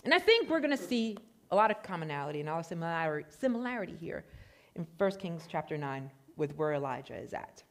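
A man from Puerto Rico preaching a sermon, excitable and prone to getting loud, telling stories with self-deprecating humor. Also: on the high side, quick pace. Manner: excitable, gets loud when animated. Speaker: pastor.

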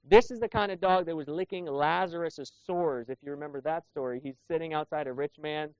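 A man's voice: on the high side, a little fast, darkish tone, no echo. A man preaching a sermon as pastor, talking conversationally and asking the congregation rhetorical questions. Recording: dull lo-fi sound.

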